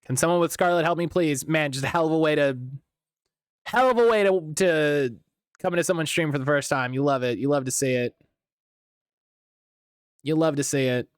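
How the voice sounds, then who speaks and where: A man streaming a game live and reacting excitably, with frequent swearing, as he plays. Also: a little high, moderate pace, pauses often, clear, resonant tone, no echo, studio quality.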